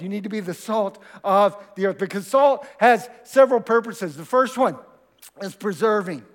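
A man's voice: high voice, animated, normal speed, in a large hall. A man preaching a sermon as pastor of his church, talking conversationally and asking the congregation questions. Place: church sanctuary.

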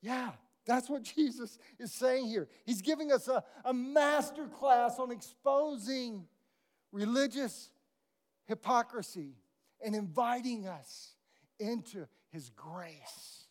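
A man with a high voice delivering a sermon. He tells stories in an animated way, swinging from loud bursts to near-quiet asides. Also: slow. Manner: animated storytelling, acting out characters with big swings of volume. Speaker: pastor.

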